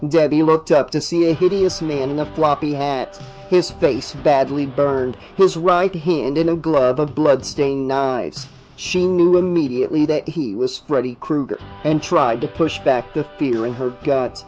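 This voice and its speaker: A man reading a horror audiobook aloud in a slow, expressive, dramatic manner. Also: fairly high pitch, highs cut off, soft background music. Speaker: audiobook narrator.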